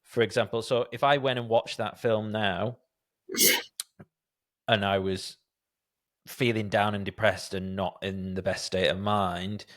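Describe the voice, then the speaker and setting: Podcast host guy, lowish voice, stammers and restarts a lot, kinda self-deprecating. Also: fairly even intonation, unhurried, long pauses, a bit bright. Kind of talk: casual podcast conversation.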